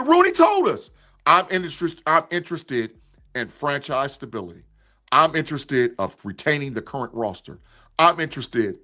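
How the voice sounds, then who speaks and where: A man's voice: extremely high pitch, bright, forceful tone. A man streaming a heated football rant, repeating his points and answering chat viewers by name. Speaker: sports streamer reacting to live chat.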